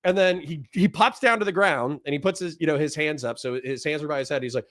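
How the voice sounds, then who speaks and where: Animated man telling a war story. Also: fairly high pitch, fast, few pauses. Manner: animated storyteller who shouts out quoted lines. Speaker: podcast host, former police officer. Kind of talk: casual storytelling.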